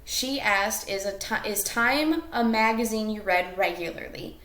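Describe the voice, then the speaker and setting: A woman teacher explains a class lesson in a recorded video. She goes step by step, with some fillers and self-corrections. Her voice sits at a middle pitch and bounces around a roomy space. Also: measured pace, fairly bright tone.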